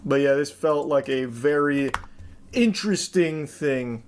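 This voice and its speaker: A man with a somewhat higher voice gives sarcastic, casual commentary. He swears now and then and speeds up as he goes. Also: measured pace, slight background noise.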